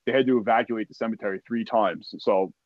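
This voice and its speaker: A man's voice: fairly low pitch, fast, no room sound. A man, a podcast guest and army veteran, tells a war story in casual, profane language, acting out what others said and leaning on "like" and "you know". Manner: profane, animated retelling with acted-out quotes; heavy use of "like" and "you know". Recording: dull, dry podcast audio.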